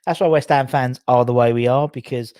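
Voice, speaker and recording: A man's voice: mid-range voice, steady tone, a little fast, a little mellow, clean tone, no room sound, studio quality. A man hosting a casual football chat, telling stories in a rambling way with lots of fillers and restarts. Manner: chatty, rambling storyteller with frequent fillers and restarts. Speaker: podcast host.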